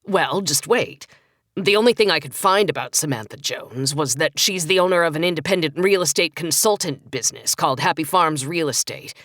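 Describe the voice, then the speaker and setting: In a storybook reading, a flat, unhurried lab tech drawls his findings in a dull man's voice, as a woman reads him aloud. The delivery is dry and close, with lively swings in pitch. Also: no room sound. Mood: matter-of-fact. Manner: boring drawl.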